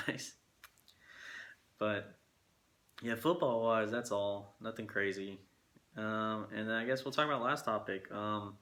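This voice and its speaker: A man's voice: lowish voice, a little slow, long pauses, bright, forceful tone. A young man, casually chatting to his viewers from his living room, rambling with laid-back asides. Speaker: vlogger. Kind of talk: casual chat to camera.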